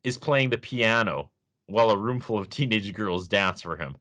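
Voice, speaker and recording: Man, low voice, casual podcast chat, sarcastic, laughs a lot. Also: lively intonation, normal speed, a bit bright. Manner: laughs often, sarcastic asides. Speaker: podcast co-host.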